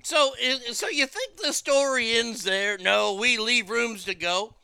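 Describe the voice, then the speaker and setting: A man's voice: very high voice, measured pace, creaky, sharp tone, clean tone, no room sound, studio quality. A man telling a story as a profane rant, stammering and repeating his words as he swears.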